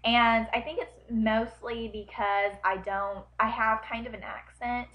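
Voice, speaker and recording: A woman's voice: on the high side, unhurried, a bit bright. A young woman with a slight twang, rambling through tag questions in a chatty way, full of ums and likes. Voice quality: slight twang on her words. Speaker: vlogger. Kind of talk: casual chat answering tag questions. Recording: dull lo-fi webcam audio.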